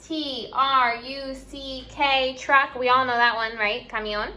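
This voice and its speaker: A woman's voice: high voice, steady tone, slow pace, sharp tone. A woman teaching a class, spelling words out letter by letter and mixing in Spanish words. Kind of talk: online class lesson.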